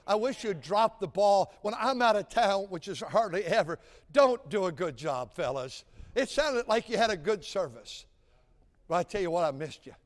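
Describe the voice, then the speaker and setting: A man preaching a sermon, telling folksy stories and building to shouted exhortation. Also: high-pitched, animated, normal speed. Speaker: pastor. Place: large church sanctuary. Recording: church sanctuary with long reverb.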